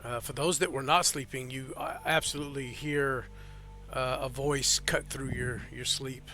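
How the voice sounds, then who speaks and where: A man's voice: mid-range voice, steady tone, moderate pace, sharp tone, soft background music. A man narrating as game master of a tabletop game, rambling with fillers and restarts.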